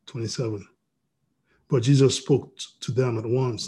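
A pastor reading scripture and preaching over a video call, with frequent restarts and "you know". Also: male voice, mid-range voice, fairly even intonation, moderate pace, warm tone, slightly rough.

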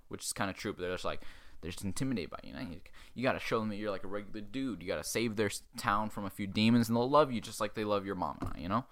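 A man hosting a podcast, giving a crude, sarcastic comic recap of a film and acting out the characters in quick asides. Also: fairly low pitch, fairly bright tone. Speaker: podcast host.

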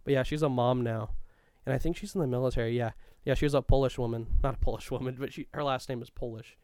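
Profane, rambling man with a clear voice. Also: medium pitch, fairly even intonation, quick pace, a little mellow, dry recording, clean studio sound. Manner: profane, rambling, laughs often; stops to look things up mid-talk. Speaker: co-host reminiscing about school days. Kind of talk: casual chat.

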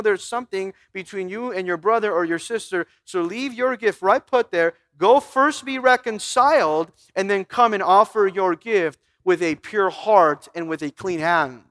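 A man's voice: high-pitched, normal speed, few pauses, a bit bright. A pastor preaching a sermon, asking his listeners questions and reading scripture aloud, with emphatic repeats. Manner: emphatic, with repeated stumbles and restarts.

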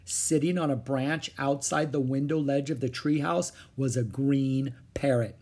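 A man reading a children's chapter book aloud with expressive, varied intonation. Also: mid-range voice, unhurried. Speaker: audiobook narrator.

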